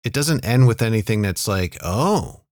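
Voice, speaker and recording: A man's voice: medium pitch, big pitch swings, moderate pace, no echo, studio quality. A man co-hosting a casual TV review chat, talking in a hesitant, conversational way with frequent restarts. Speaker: podcast co-host.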